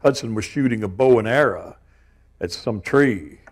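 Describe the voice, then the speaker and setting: An older man preaching a sermon, telling stories with animated, self-mocking humor. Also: on the low side, normal speed. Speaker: pastor.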